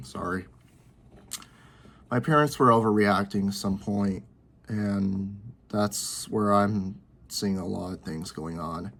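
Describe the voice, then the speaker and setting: A man in his early twenties talking to camera from his bedroom, rambling and repeating himself with halting restarts. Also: on the low side, gravelly. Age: 20s. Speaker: vlogger. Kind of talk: personal talk to camera.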